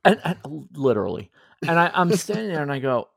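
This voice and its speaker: A man's voice: medium pitch, moderate pace, creaky, no room sound. A man in his forties hosts a casual podcast and tells stories with lots of swing in his voice, jumping up and down as he acts out what other people said. He sounds close and dry on the mic, with no room around him. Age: 40s. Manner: animated storyteller, acts out quoted voices. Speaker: podcast host. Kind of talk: casual chat.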